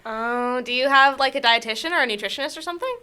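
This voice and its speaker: A woman hosting a casual comedy podcast, asking short questions in a playful, deadpan way. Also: sits high, fast talker, clear, resonant tone. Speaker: podcast host.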